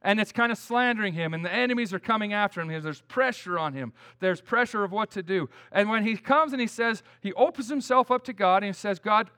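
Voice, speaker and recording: A man's voice: high voice, a little fast, hardly any pauses, pushed and bright. A middle-aged man preaching a conversational sermon, plain-spoken and folksy, telling stories with frequent restarts.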